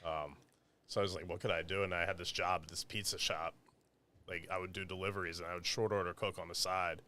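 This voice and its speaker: A man talks quickly in a loose, rambling way, full of "you know what I mean." His tone is bright and forceful despite the depth. He sounds like a podcast guest at ease in the studio. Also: low-pitched, level tone, a little hiss or hum. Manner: laid-back, rambling, frequent fillers. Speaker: guest, meal prep business owner. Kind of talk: casual podcast conversation.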